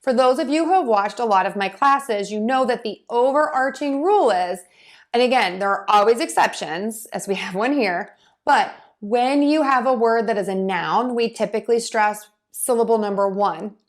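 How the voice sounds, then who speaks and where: A woman's voice: a little high, moderate pace. Patient woman teaching pronunciation. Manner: patient, methodical, with frequent um fillers. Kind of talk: casual explanatory lesson.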